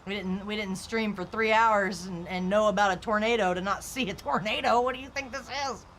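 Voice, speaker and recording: A young adult woman streamer chats casually while gaming, rambling candidly and saying "like" constantly. Her mid-range voice is fairly bright and moves fairly quickly, with slight background noise.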